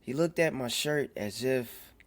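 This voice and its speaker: A man telling a personal faith testimony in an earnest, halting way, often repeating phrases as he goes. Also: medium pitch. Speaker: storyteller.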